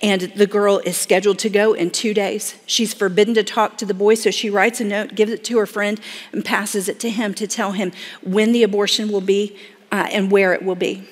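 A woman's voice: medium pitch, flat delivery, normal speed. A woman telling a dramatic story to an audience, acting out the voices of the people in it. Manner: dramatic, acts out quoted voices. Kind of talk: emotional storytelling talk. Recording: long hall reverb.

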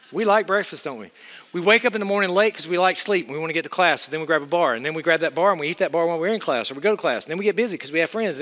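Male preacher, high and bright-toned, emphatic, booming in a reverberant hall. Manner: emphatic, swings from low asides to loud exhortation. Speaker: preacher teaching students. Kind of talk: sermon.

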